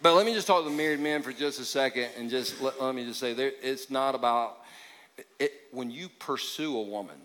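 A male pastor preaching a sermon in a conversational, joking way, with sudden drops into quiet emphasis. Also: mid-range voice, fairly quick. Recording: long hall reverb.

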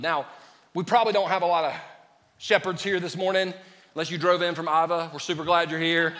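A man preaching a lively sermon as a pastor, joking with his congregation. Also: fairly high pitch, fairly quick, in a large hall. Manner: lively, joking with the congregation, calls them "y'all". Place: church sanctuary.

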